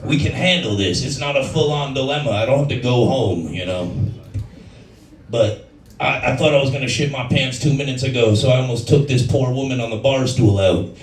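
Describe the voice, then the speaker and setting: A man with a raspy voice doing a brash, crude stand-up comedy set in a bar. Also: mid-range voice, normal speed. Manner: brash, crude, swears freely. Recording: echoey room from far off.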